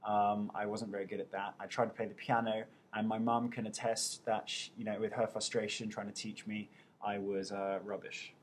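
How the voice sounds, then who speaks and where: A man's voice: lowish voice, level tone, normal speed, slight background noise. A young man with an English accent, casually answering viewers' questions over a webcam, chatty and poking fun at himself. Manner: chatty, self-mocking, playful.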